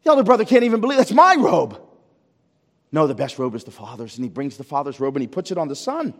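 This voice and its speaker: Dramatic pastor with a ringing church reverb. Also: male voice, fairly high pitch, very animated, rapid-fire. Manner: dramatic, swings from near-shouting to hushed; asks the congregation rhetorical questions. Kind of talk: sermon. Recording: long reverb of a church hall.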